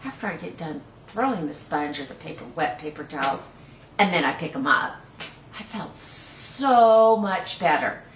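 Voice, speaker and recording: Brief woman storytime host, lower voice, slow and singsong, recorded from a distance. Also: expressive, slight background noise. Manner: gentle, coaxing, asks the listener questions. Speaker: storytime host reading to young children. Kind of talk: children's storytime, talking straight to kids. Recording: echoey room, voice from off the mic.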